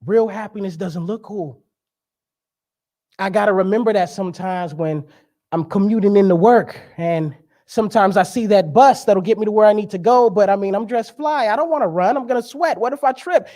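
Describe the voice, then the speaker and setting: High-voiced man preaching with humor. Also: brisk, darkish tone. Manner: conversational, joking, emphatic preaching. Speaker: guest speaker. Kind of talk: sermon.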